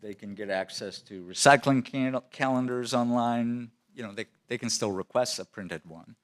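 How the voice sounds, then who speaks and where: A city department official answering questions at a council meeting in a conversational way, with many fillers and restarts. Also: male voice, medium pitch, moderate pace.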